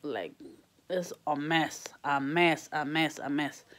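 A woman's voice: deep voice, fairly even intonation, takes it slowly, a bit bright. A woman venting to camera in a casual vlog, swearing and switching between English and mid-sentence, exasperated and heated. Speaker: vlogger.

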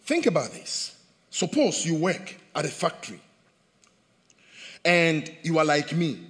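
A man preaching a sermon as pastor, animated, swinging between loud bursts and hushed asides. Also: a little high, measured pace, long reverb tail. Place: church hall.

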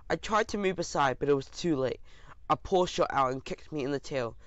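A man reading a first-person audiobook aloud in a lively, expressive way. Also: on the high side, brisk, dry recording, muffled recording. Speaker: audiobook narrator.

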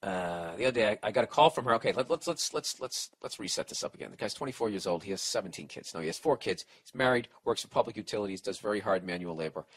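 A man hosting a comedy podcast gives advice in a fast, profane, rambling rant with hardly any pauses. His voice is lowish, and he restarts sentences and puts on mock voices for people in his stories, ranting animatedly.

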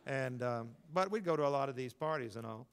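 An older man preaching a sermon as pastor, telling folksy stories and swinging between emphatic lines and quiet asides. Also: lively intonation, brisk, vocal fry, smooth. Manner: folksy storytelling, rising to emphatic then dropping low.

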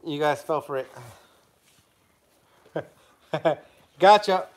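Male live streamer on a phone, casual and chatty, unhurried delivery. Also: on the high side, slight background noise. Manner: chatty, laughing, calls out to dogs.

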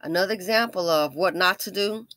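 A woman's voice: on the low side, fairly quick, fairly bright tone, a little hiss or hum. A woman doing true-crime commentary in an emphatic, sassy, preachy way.

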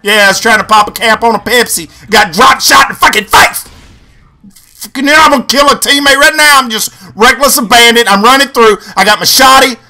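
A young man giving crude, excitable gameplay commentary, swinging between yelling and muttering. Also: extremely high pitch, fast, noisy background.

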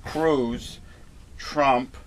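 A man trading jokes and puns in a casual political talk show, with an emphatic, punchy delivery. His voice sits at an ordinary middle pitch. Steady background noise hums under the recording. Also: extremely slow. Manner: wisecracking, punning, emphatic. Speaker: co-host.

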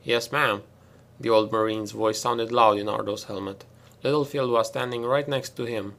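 A man narrating a sci-fi novel in a self-made audiobook, in a steady, measured reading. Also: lowish voice. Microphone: self-made home recording.

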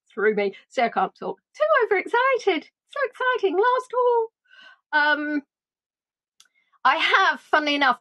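A woman chatting casually as a livestream tour guide, greeting viewers by name and joking about herself. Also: a little high. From England. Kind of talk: casual live chat with viewers.

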